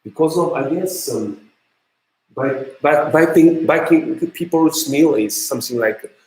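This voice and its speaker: Slow, halting Japanese-accented male lecturer. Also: fairly high pitch, a little mellow. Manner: halting, searching for English words. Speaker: university lecturer. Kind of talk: online university lecture. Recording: roomy echo.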